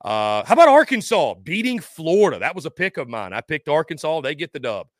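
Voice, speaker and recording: A man's voice: fairly high pitch, very animated, fairly quick, no room sound, clean studio sound. A man hosting a sports call-in show, talking bluntly and sarcastically in a loose, casual way.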